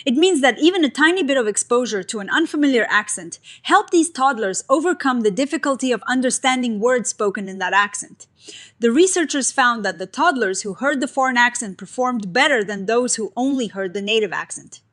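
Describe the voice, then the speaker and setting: A woman narrating a scripted science explainer in a clear, even, explanatory way. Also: a little high, fairly quick.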